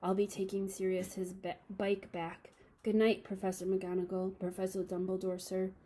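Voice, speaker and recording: A woman voicing a huge, soft-hearted male half-giant who stammers humbly and keeps saying sir. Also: mid-range voice, monotone, moderate pace, husky, lightly acted. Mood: humble.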